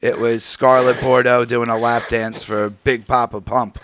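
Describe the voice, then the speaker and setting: A man's voice: mid-range voice, flat delivery, unhurried, fairly bright tone, slight background noise. Laid-back male hangout show host. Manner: laid-back, laughs often, reads out the chat. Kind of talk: casual online hangout chat.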